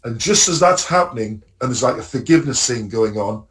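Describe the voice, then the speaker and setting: A man's voice: mid-range voice, brisk. A man co-hosting a podcast, casually recapping TV episodes, rambling and swearing, acting out scenes. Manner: rambling, swearing, acts out scenes with bursts of excitement. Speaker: podcast co-host. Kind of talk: casual chat about TV shows.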